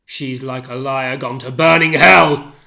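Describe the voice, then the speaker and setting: A man reading the part of a tormented, jealous general, declaiming verse and swinging between hushed and loud lines. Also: medium pitch, steady tone, a little slow, creaky. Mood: accusing. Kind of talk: dramatic reading of a play.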